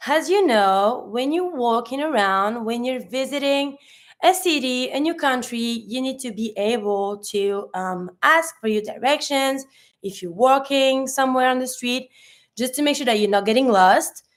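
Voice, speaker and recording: A woman's voice: sits high, expressive, unhurried. Patient woman teaching vocabulary. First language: French. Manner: patient, spells out endings and repeats each word. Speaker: French teacher. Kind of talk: recorded language lesson.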